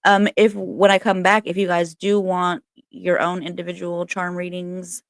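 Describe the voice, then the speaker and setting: A woman with a lowish, monotone voice at normal speed hosts a casual home livestream as a spiritual reader. She's candid and chatty, swearing freely and laughing often, with no echo on the recording.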